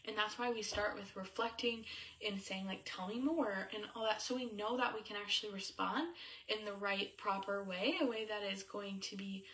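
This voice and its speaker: Bright-voiced woman coach, chatty. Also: medium pitch, fairly even intonation, normal speed. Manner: chatty, loose, many "like"s and "um"s. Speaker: Christian marriage coach. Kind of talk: casual teaching talk to camera. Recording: voice a bit distant from the mic.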